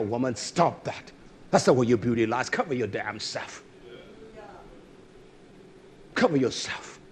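A male preacher giving a fiery, blunt sermon, swinging from shouts to low asides. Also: slightly rough.

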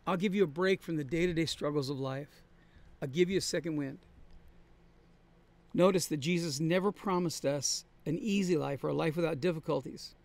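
A man with a fairly high voice preaches to his congregation. He talks in an earnest, conversational way and leans on repetition to make his points land. His tone stays steady and plain throughout the sermon. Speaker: pastor. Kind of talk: sermon-style Bible study. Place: traveling, on the road.

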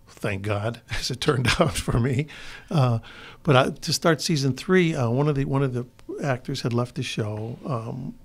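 A man's voice: mid-range voice, gravelly. An older man, a guest in an interview, telling long rambling anecdotes full of restarts. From Chicago. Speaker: guest actor. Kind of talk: relaxed interview storytelling.

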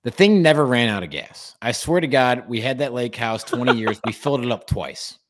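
A young man, a former player co-hosting a podcast, tells a story in a rambling, halting, casual way. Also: mid-range voice, lively intonation. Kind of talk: casual chat.

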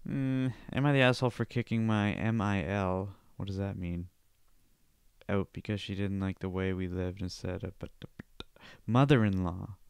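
A man hosts a casual podcast on his own and reads posts aloud. His voice is smooth and clear, set close to the mic in a dry, dead room. He mutters offhand comments to himself and now and then bursts out loud and silly. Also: low-pitched, steady tone, moderate pace, no room sound. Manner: offhand, mumbling asides, sudden loud silly outbursts. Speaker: podcast host.

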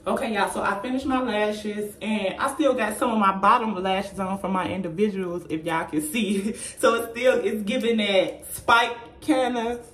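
A woman's voice: medium pitch, steady tone, moderate pace, hardly any pauses, a bit bright, faint music behind. A young adult woman talking to her viewers in a casual makeup tutorial, chatty and laughing often. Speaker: vlogger. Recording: echoey room, faint noise.

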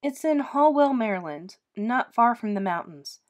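A woman reading a storybook aloud and voicing an enthusiastic, dreamy mother who coaxes her children in a bright voice. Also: a little high, expressive, normal speed, close to an everyday voice. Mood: cheerful coaxing. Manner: bright and coaxing.

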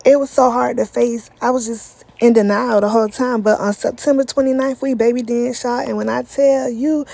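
A young woman vlogs an emotional personal testimony, speaking straight to viewers as "y'all" and repeating phrases for emphasis. Her voice is on the high side, gravelly and a little mellow, with fairly even intonation at a moderate pace, recorded dry.

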